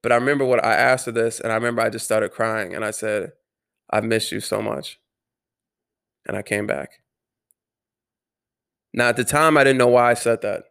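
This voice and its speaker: A man earnestly telling a personal story to camera, halting and restarting his words, with some swearing. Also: medium pitch, fairly even intonation, fairly bright tone, smooth. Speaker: vlogger.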